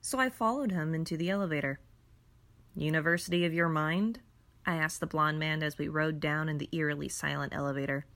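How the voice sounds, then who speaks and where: A woman's voice: low voice, quick pace, few pauses, a bit bright. A woman narrating a first-person story in a somber, reflective way.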